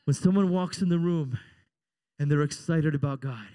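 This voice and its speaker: A male pastor preaching with playful, animated energy, breaking into shouted exclamations. His voice sits high for a man and bounces with excitement. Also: moderate pace, smooth. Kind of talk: sermon.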